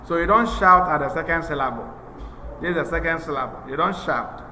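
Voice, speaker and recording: A man teaching English grammar in a slow, methodical lecture, repeating each point for emphasis. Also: on the high side, sharp tone, slight background noise. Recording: echoey room with long reverb.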